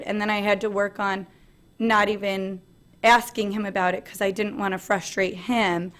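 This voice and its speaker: A woman in her thirties giving an earnest personal presentation at a family meeting, pausing often on "um". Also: medium pitch, steady tone, fairly bright tone. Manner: earnest, frequent "um" fillers, light laughs.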